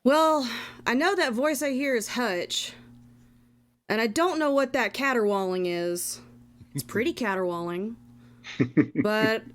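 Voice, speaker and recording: A woman's voice: a little high, a little slow. A woman playing her character in a tabletop game, playful and exasperated. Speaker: player.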